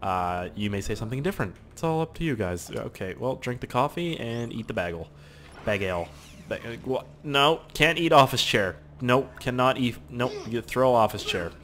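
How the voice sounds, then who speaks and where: A young man giving let's play commentary, excitable and profane, yelling at the game. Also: medium pitch, normal speed, slight background noise. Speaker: gaming youtuber.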